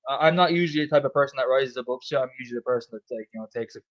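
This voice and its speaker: Fast-talking man, swearing. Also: medium pitch, dull audio. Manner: swearing, emphatic, repeats himself. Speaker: host. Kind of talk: casual pub chat.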